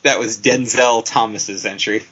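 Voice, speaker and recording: A man hosting a casual podcast, reading out listener entries in a deadpan way and laughing often. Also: lowish voice, a little slow, a little hiss or hum. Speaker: podcast host. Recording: dull lo-fi sound.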